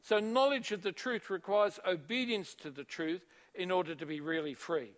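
An emphatic male preacher with a notably high voice delivers a sermon, hammering key phrases through repetition. He calls out to the congregation and quotes scripture. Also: normal speed.

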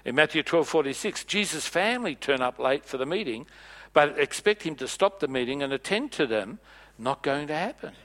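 A man preaching a sermon in a church, playful and animated, acting out bits of dialogue as he goes. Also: on the high side, normal speed.

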